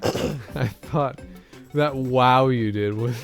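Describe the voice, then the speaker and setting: A man streaming a video game, reading character dialogue aloud in different voices and joking with his co-host. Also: medium pitch. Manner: slow gravelly delivery, reading lines in voices. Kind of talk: casual let's-play banter. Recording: game music underneath.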